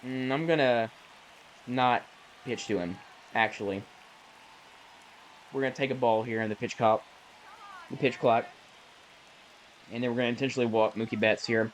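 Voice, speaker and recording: A man casually calling the plays of a baseball video game he is playing, chatty and self-correcting, with bursts of excitement on big plays. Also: mid-range voice, moderate pace, long pauses, a little hiss or hum, rough recording. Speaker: gaming YouTuber. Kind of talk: casual play-by-play while gaming.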